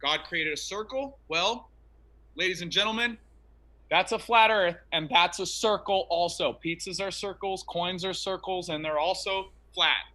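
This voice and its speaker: Bright, high-voiced insistent man. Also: measured pace. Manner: insistent, preachy. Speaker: debater. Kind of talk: online debate.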